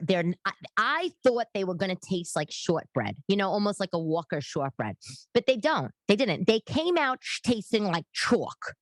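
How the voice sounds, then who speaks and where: A woman hosts a casual show, rambling from one tangent to the next. Her voice sits low in pitch. It is recorded dry and close, with no room sound. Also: no echo. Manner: chatty, rambling with tangents and quick voiced asides. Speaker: podcast host and comedian. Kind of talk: casual chat.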